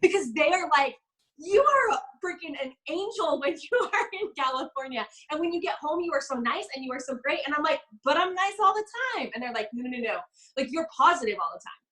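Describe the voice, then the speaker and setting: A young woman coaching a live online group, telling stories in an animated way and acting out the people she quotes. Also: high-pitched, low-quality recording. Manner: fast, bubbly, animated storytelling with quoted voices. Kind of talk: live business coaching session.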